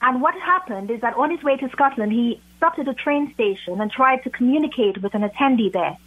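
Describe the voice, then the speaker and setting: A woman from Trinidad and Tobago with a British accent, a guest author speaking warmly and earnestly in an interview. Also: fairly high pitch, lively intonation, brisk, husky. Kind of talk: interview over a phone line. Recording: tinny phone line.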